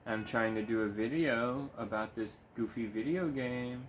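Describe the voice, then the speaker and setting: A man's voice: mid-range voice, measured pace, a little hiss or hum. A man giving casual, laid-back gameplay commentary at home, swearing freely and cooing at his cat between remarks. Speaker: gaming video creator. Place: home room.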